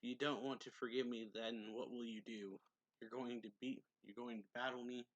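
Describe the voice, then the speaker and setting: A man's voice: medium pitch, moderate pace, no echo, lo-fi sound, natural voice. A man voicing an arrogant, scornful male demon lord in a plain, lightly acted read. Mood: taunting. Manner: reads lines flatly, barely acted.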